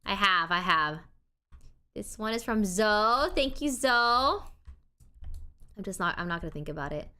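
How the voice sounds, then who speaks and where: A woman live streamer chatting casually, excitable and swinging between loud outbursts and quiet mumbles, grateful and playfully defensive. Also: medium pitch, measured pace, long pauses, clean tone. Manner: playfully defensive toward chat; warm and grateful, thanking people one after another.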